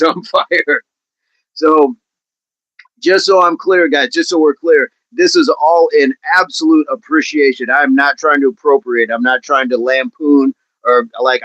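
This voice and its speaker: A man's voice: mid-range voice, fairly bright tone, no room sound, rough recording. A man hosting a casual fitness livestream, chatting with viewers in a rambling way and laughing often.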